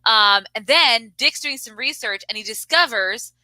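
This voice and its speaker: A woman co-hosting a casual chat, retelling a movie plot in an animated way and often acting out the characters' lines. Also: on the high side, a little slow, no echo, poor audio. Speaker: co-host.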